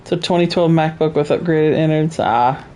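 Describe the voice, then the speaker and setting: Laid-back, mellow-voiced game streamer. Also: medium pitch, normal speed. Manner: laid-back, laughs often, chatting with viewers. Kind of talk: casual let's play chat.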